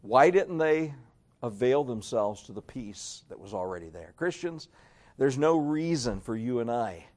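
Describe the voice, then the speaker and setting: Animated male preacher. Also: mid-range voice. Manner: animated preaching with sudden loud and hushed swings. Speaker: pastor. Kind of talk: sermon.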